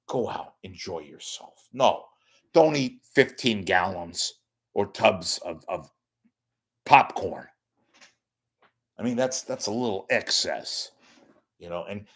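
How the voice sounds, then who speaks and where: An older man talks loosely through a casual livestream monologue, wandering off topic and back again. He keeps breaking in on himself with crude jokes and asides. His voice sits on the low side. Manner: rambling, self-interrupting, with bawdy jokes. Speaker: host.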